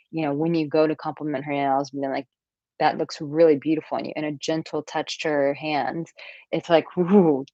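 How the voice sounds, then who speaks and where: Low-voiced woman coaching on a live stream. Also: a little mellow, dry recording. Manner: breezy, chatty, reads viewer comments aloud. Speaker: dating coach. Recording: dull, dry lo-fi stream audio.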